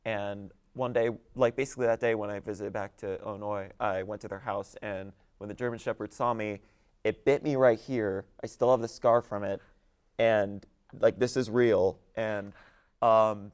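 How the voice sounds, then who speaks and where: Low, smooth-voiced young man. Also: steady tone, normal speed. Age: young adult. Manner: hesitant, filler-heavy. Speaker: student panelist. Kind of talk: casual storytelling.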